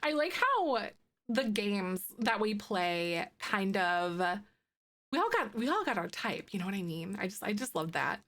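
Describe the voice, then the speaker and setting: A woman chatting casually on a live stream, excitable and talkative, a self-described loudmouth. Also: medium pitch, measured pace.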